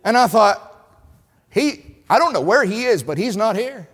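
A Southern-accented male evangelist preaching in a high, lively voice that rises and falls across a wide range. He tells stories in his sermon and swings between loud lines and hushed ones. His voice carries a long hall reverb. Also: normal speed. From North Carolina, USA.

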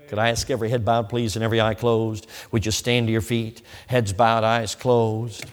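A man preaching an evangelistic sermon with an altar call, emphatic and swinging between loud and hushed delivery. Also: on the low side, level tone, normal speed, few pauses. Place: church sanctuary. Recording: long hall reverb.

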